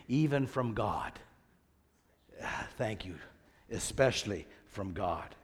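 A man's voice: medium pitch, expressive, takes it slowly, husky, big-room sound. A man preaching a sermon as pastor, reading scripture aloud with rising emphasis and asking the congregation questions.

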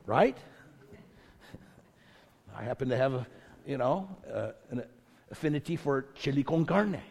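In an unhurried, expressive way, a pastor with a mid-range voice delivers his sermon; his tone is creaky, a little mellow, and breathy at the edges. He preaches with emphatic repetition, rising in intensity as he builds his points. The recording has the long reverb of a large hall in a church sanctuary.

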